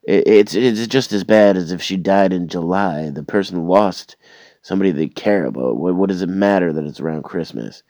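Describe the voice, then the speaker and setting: Sick man with a very low voice, sardonic rambling rant, trips over his words. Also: moderate pace, dark tone, no room sound. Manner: rambling, repeats and restarts words, sardonic complaining. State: sick with a cold or flu. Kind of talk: casual rambling rant to camera.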